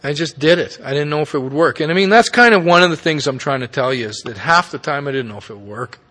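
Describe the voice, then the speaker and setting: Middle-aged man, pitched a bit high, frank and salty recovery talk, recorded in an echoing hall. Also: expressive, fast talker, a bit bright. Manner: candid, profane, folksy with tag questions. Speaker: speaker at a recovery meeting. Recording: long reverb of a meeting hall.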